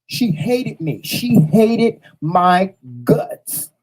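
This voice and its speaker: A man's voice: high voice, expressive, drawn-out words, a little mellow, rough recording. A man hosting a casual show, telling a personal story straight to viewers, blunt and profane, repeating phrases for emphasis. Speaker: host.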